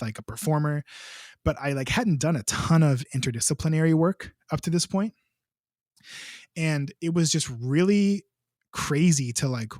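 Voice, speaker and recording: Man, young adult, composer, casual rambling storytelling, lots of fillers, mid pitch, dry close sound. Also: dry recording. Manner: chatty, rambling, many filler words. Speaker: composer, podcast guest.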